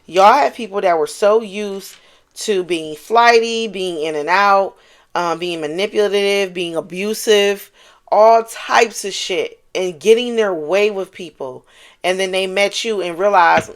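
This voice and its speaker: Woman swearing, animated tarot reader. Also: mid-range voice, a little slow. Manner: animated, swears freely, exclaims and repeats lines for emphasis. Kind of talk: casual channeled tarot reading.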